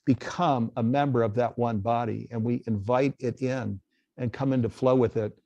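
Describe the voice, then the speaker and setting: A man's voice: medium pitch, fairly even intonation, normal speed, mellow, dry recording, highs cut off. A man hosting a live spiritual webcast, talking earnestly and reading viewer questions aloud. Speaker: host. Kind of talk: casual live webcast talk.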